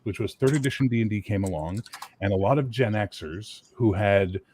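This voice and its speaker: A man chatting casually on a gaming panel, opinionated and lively, now and then dropping into comic accents. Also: on the low side, normal speed, a little hiss or hum. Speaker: game designer on a panel. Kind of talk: casual podcast chat.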